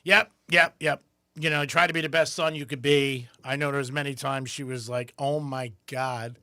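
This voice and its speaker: A man's voice: fairly high pitch, fairly quick, no room sound, studio quality. A man co-hosting a radio show, telling family stories casually and acting out the people he quotes in a raised voice. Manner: animated storyteller, acts out quotes in a raised voice.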